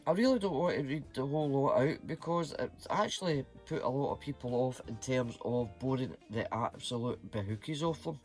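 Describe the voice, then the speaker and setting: A man's voice: medium pitch, moderate pace, hardly any pauses, darkish tone, faint music behind. A Scottish man chatting casually to camera as a vlogger, dropping Scots slang words as he talks.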